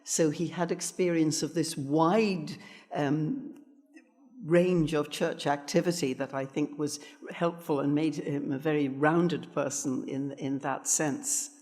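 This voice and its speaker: Brief: male panelist, fairly high voice, thoughtful and halting, long reverb. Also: fairly even intonation, darkish tone. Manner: thoughtful, with hesitant restarts. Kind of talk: reflective panel talk.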